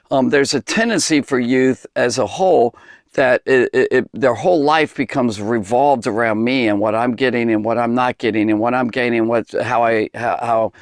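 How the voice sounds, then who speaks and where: A man's voice: medium pitch, no echo, clean studio sound. Impassioned man giving a Bible teaching. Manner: impassioned, rambling with many restarts and fillers. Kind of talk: earnest Bible teaching talk.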